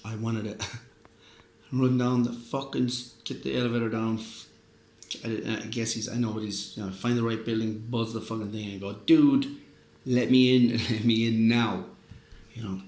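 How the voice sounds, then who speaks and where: A man's voice: mid-range voice, vocal fry, darkish tone. A man rambling through a profane, earnest casual monologue, a bit drunk, with restarts and laughs. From Ireland. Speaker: podcast host. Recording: roomy echo, faint background noise.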